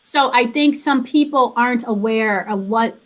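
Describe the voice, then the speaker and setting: A woman with a fairly high voice chats upbeat and easy on a podcast. She laughs readily and keeps the talk loose and conversational. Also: moderate pace, a bit bright, poor audio. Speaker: podcast guest. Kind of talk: casual podcast chat.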